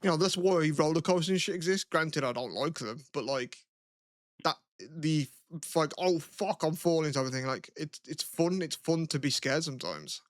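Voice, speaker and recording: A man's voice: on the high side, animated, moderate pace, no echo, clean studio sound. A young man, co-hosting a podcast in rambling, casual chat and laughing often. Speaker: podcast co-host.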